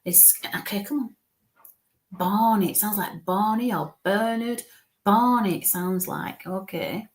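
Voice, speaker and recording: Hushed, halting woman medium. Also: mid-range voice. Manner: halting, coaxing, murmurs soft asides. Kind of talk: live spirit reading.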